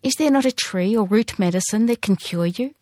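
An earnest young girl from a storybook, played by a woman narrator, loving and anxious. She pleads and questions in a raised, higher voice. The sound is dry and close. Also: fairly quick, darkish tone, no echo, natural voice. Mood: pleading.

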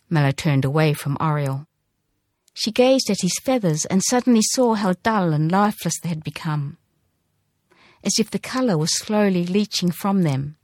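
A woman narrating a storybook with a measured, gentle read. Her voice sits somewhat low. The recording is dry and close, with no room sound. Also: no echo.

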